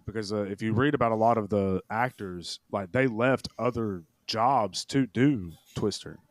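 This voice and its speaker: A man's voice: fairly low pitch, moderate pace, no echo, studio quality. A man co-hosting a movie podcast, talking loosely with lots of 'like' and trailing phrases. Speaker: podcast co-host. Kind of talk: casual chat.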